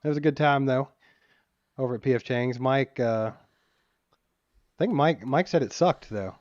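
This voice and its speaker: A man's voice: mid-range voice, a little slow, darkish tone, no room sound, muffled recording. A man co-hosting a sports podcast, easygoing in casual chat and laughing often. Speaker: podcast co-host.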